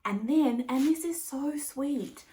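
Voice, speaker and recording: A woman's voice: high voice, slow, dark tone. A woman hosting a knitting podcast in a casual, rambling chat, laughing often and swearing now and then. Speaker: podcast host.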